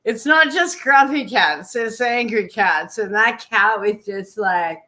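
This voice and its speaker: Woman, live streamer, giggly, slow drawl, fairly high voice. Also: bright, forceful tone. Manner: giggly, laughs through her words. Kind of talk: casual live-stream chat.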